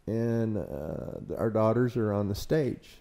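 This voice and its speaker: A man's voice: fairly low pitch, lively intonation, a little slow, creaky, dark tone. A man who looks after a haunted building, telling a ghost story in an interview with lots of fillers and laughs at himself. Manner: rambling, hesitant with many fillers, laughs at himself.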